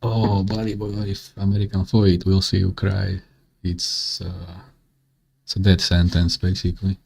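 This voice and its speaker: A man's voice: deep voice, monotone, unhurried, gravelly, a little mellow. A man commenting bluntly over a video on a live stream, with mocking asides.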